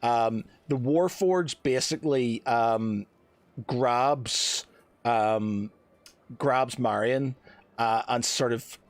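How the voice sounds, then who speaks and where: A man's voice: medium pitch, extremely slow, no room sound. Rambling male dungeon master, dry sound. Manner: rambling, many fillers. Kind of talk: narrating a tabletop game.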